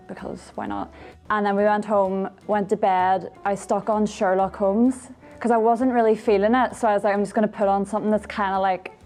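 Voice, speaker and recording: A woman telling a story in a deadpan way. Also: medium pitch. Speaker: interviewee.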